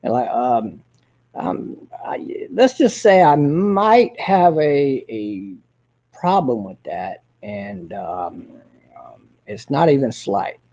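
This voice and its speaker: A man putting on a halting, mumbling voice of an adult male friend who stalls on every word. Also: medium pitch, sing-song, warm tone, voice pushed down, heavily acted. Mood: hesitant. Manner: slow, hesitant, full of "uh" and "um". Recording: dull lo-fi audio.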